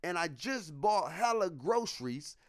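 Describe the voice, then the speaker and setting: A man's voice: sits high, unhurried. A young man on a podcast, telling a story in casual slang and acting out what people said. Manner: animated, slangy, acts out quotes. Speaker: podcast co-host.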